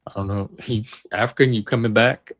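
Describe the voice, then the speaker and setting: Relaxed male stream host, faint music. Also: lowish voice, brisk. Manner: relaxed, friendly, laughs easily. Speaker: host of live panel stream. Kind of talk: casual chat.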